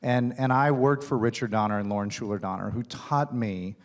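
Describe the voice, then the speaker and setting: A man's voice: medium pitch, brisk. A man speaking as the guest at a conference keynote, telling a long career anecdote in a self-deprecating, chatty way with frequent fillers. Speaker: studio executive, keynote guest. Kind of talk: onstage conversation, storytelling. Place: conference stage.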